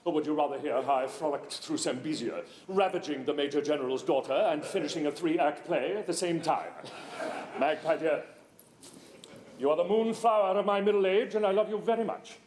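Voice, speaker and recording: An actor playing a flamboyant, self-adoring middle-aged English playwright on a theater stage, with theatrical, grandiloquent delivery. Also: male voice, fairly high pitch, a little fast, a crowd in the background, lightly acted. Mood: grandly gossiping. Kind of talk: stage comedy acting. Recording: roomy theater stage sound.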